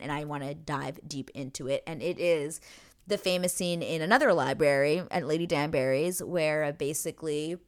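A woman chatting casually as she breaks down a TV episode, excitable and chatty, swearing freely and saying "like" a lot. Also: sits low. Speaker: TV recap vlogger.

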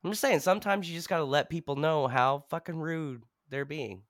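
A man co-hosting a movie podcast, swearing freely and telling animated stories in casual chat. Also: a little high, fairly quick, dry recording, studio quality. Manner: profane, animated storyteller. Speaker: podcast co-host.

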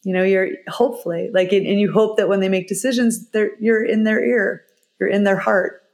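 A woman's voice: medium pitch, fairly even intonation, fairly quick, darkish tone. A middle-aged woman, a guest in an interview, talking openly and emotionally in loose, restarting sentences. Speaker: expert guest. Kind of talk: conversational interview.

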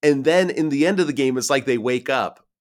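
A man co-hosting a casual sports podcast, chatty and self-mocking, running through lists of numbers. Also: mid-range voice. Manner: loose and self-mocking, reads stats in quick lists. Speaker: podcast co-host.

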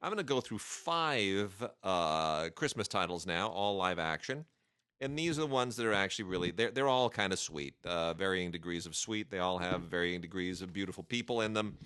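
Wry man with a bright, smooth voice. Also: low voice, lively intonation, normal speed, no echo, studio quality. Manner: wry, joking, many fillers and restarts. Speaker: podcast host reviewing home video releases. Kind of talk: casual chat.

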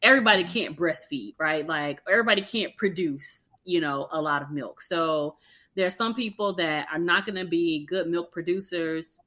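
Bright-voiced animated woman clinician. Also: on the low side, moderate pace. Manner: animated, slangy, acts out quotes. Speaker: health clinician. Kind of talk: casual podcast chat.

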